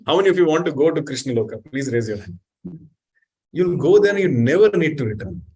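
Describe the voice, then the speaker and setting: A man giving an animated sermon, questioning the audience and reciting Sanskrit verses. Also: on the high side, a little fast. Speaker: spiritual teacher.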